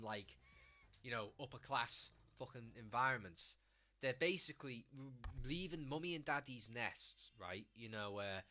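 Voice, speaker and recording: A man with a strong Scouse accent talks in a very bright, cutting voice. He rants in a blunt, mocking way, swearing as he goes, like a streamer chatting casually to his viewers. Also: mid-range voice. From Liverpool, England. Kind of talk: casual ranting commentary.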